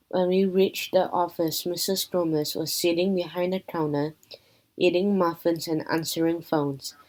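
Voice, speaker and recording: Slow, low-voiced woman reading aloud. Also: a little mellow, rough recording. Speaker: reader. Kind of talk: reading a children's chapter book aloud.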